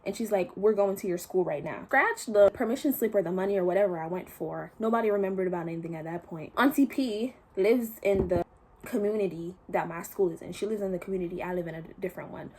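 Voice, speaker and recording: A woman's voice: mid-range voice, quick pace, a little mellow, a little hiss or hum. A young woman vlogging a casual storytime, retelling events with slang and quoted voices.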